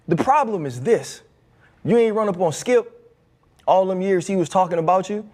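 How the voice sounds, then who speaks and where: A man's voice: high voice, lively intonation, a little fast. A man giving sports opinion commentary, arguing his point with rhetorical questions.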